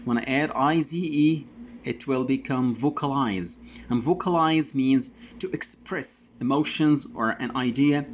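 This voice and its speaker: A male English teacher giving a classroom vocabulary lesson, speaking deliberately and spelling letters out one by one. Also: on the high side, dull audio, a little hiss or hum.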